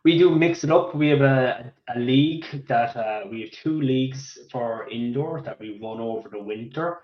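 A man's voice: mid-range voice, moderate pace, reverberant, dull audio. A man from Cork with an Irish accent, chatting as a radio guest with many fillers and restarts. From Ireland. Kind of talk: casual radio interview.

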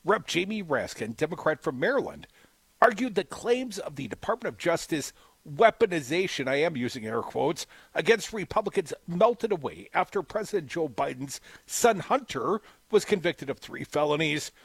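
A man's voice: on the high side, very animated, normal speed, vocal fry, breathy edge, no echo, poor audio. A man co-hosting a political talk show, reading the news with blunt, salty asides. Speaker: co-host.

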